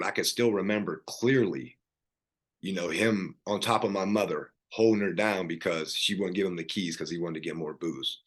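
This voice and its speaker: Middle-aged man, low voice, earnest podcast guest recounting his past with fillers and restarts. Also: fairly bright tone. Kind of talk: personal story in casual conversation.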